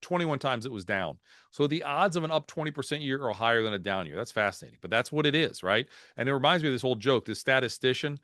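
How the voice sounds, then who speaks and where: Guy walking through market charts on a video call, chatty and jokey, mid-pitched, dry sound. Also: quick pace, no echo. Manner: animated, folksy, tells jokes and anecdotes. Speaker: market strategist presenting. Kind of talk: webinar presentation over slides.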